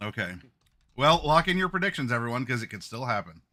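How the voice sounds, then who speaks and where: A man's voice: medium pitch, very animated, fast talker, pushed and bright. A man hosting as game master, chatting casually with his players, with many fillers and frequent laughs. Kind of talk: casual chat.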